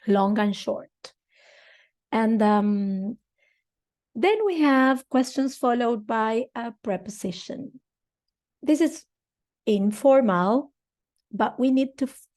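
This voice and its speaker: A woman's voice: medium pitch, mellow. A woman, a Spanish speaker, teaching English grammar patiently and often checking in with "okay". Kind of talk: grammar lesson.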